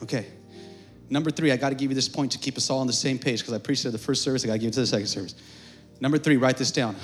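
A male pastor preaching a sermon in a church, calling on the congregation to answer back and swinging between hushed asides and shouting. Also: medium pitch.

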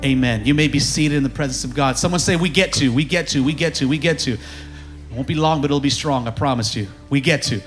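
A man preaching a sermon to his church, energetic and rising into shouts, calling to the congregation. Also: mid-range voice, quick pace, faint music behind. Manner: energetic preaching, bursts of shouting, call-and-response. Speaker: pastor. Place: church sanctuary.

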